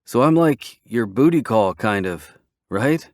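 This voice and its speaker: A man voicing a brash, excitable male biker who is cocky and crude, in a dry audiobook reading. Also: mid-range voice, normal speed, no room sound, voice pushed up, close to an everyday voice. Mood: eager.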